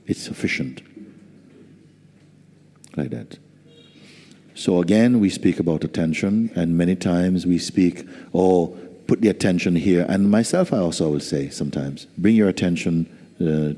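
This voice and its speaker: A man as spiritual teacher giving a slow, soft-spoken satsang talk with gentle humor. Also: deep voice. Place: large hall. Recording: reverberant hall.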